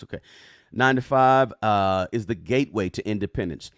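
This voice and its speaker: A man with a fairly low, clear, resonant voice speaks at a normal speed, recorded with studio quality and no room sound. He hosts a live personal finance stream, chatting casually, reading viewer comments out loud and frequently adding "right?" at the end.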